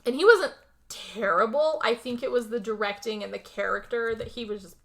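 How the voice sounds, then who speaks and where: A woman's voice: fairly high pitch, normal speed, gravelly. A woman co-hosting a podcast, recapping a film in a rambling, filler-heavy way. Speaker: podcast co-host. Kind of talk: casual movie recap chat.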